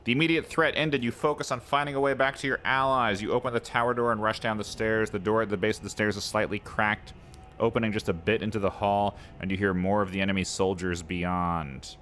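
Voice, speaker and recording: Low-voiced man reading a game aloud. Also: steady tone, brisk, a bit bright, faint music behind. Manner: playful, chatty asides to viewers. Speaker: let's play host.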